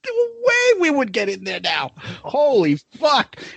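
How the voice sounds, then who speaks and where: A man's voice: extremely high pitch, huge pitch swings, a little slow, creaky, a bit bright, slightly rough, dry recording. A man in his forties, co-hosting a podcast in casual chat, profane and laughing as he tells stories. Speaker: podcast co-host.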